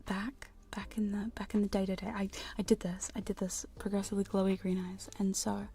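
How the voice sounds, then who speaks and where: A woman's voice: medium pitch, level tone, a little fast, gravelly. A woman streamer in a whispered livestream chat, rambling and giggling as she reads the chat. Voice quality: soft whisper. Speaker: ASMR streamer. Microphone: studio condenser microphone.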